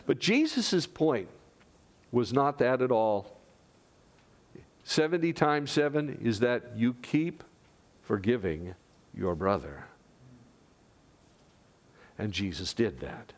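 A male pastor preaching a sermon in an earnest, conversational way, with dramatic drops to a hush. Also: mid-range voice, animated, takes it slowly, long pauses.

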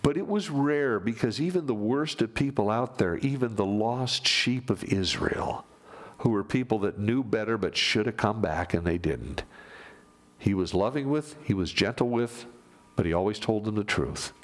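A man preaching a sermon, animated, moving from loud emphasis down to near-whispers. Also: fairly low pitch, normal speed. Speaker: pastor.

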